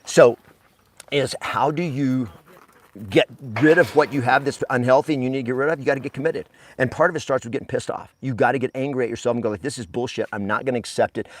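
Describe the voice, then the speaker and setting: Man, blunt motivational coach, rapid delivery, dry close sound. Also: medium pitch, dry recording. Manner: blunt, emphatic, swears. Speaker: real estate coach. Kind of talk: motivational talk to camera.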